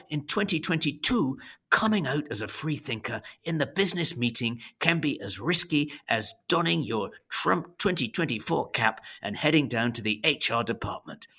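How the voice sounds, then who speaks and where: A man's voice: animated, normal speed, bright, forceful tone, husky, full character voice. A man putting on a Scottish accent as a business coach reading a salesy advert. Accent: Scottish, put on. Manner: salesy, earnest pitch.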